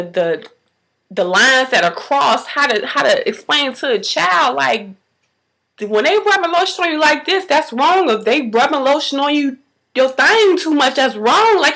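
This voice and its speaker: Mom vlogging, high voice, slangy and fired up, jumps way up when she quotes folks. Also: a bit bright, low-quality recording. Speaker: mother vlogging about parenting. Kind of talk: emotional storytelling vlog.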